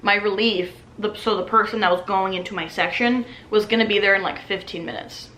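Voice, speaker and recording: With a slightly quick delivery and a mid-level pitch, a twenty-something waitress shares a lively, informal anecdote, doing voices for the customers. There's some echo in the room and a faint hiss or hum.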